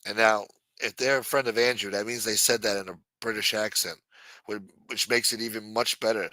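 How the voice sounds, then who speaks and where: Bright-voiced profane male stream host. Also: lowish voice, fairly even intonation, fairly quick, dry recording, low-quality recording. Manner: profane, blunt and mocking. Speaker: livestream host. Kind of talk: casual ranting commentary.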